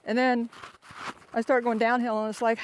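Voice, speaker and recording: A man's voice: extremely high pitch, little pitch movement, moderate pace. Older male hiker vlogger, rambling and self-mocking, recorded outdoors on a phone with faint background noise. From Florida. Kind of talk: casual vlog while hiking. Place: outdoors on a foggy mountain trail. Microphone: handheld phone camera.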